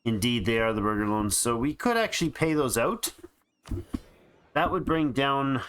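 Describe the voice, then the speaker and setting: A man's voice: medium pitch, animated, moderate pace, fairly bright tone, clear, resonant tone. A tired man hosting a let's play, thinking aloud in casual game commentary with frequent restarts. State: tired and yawning.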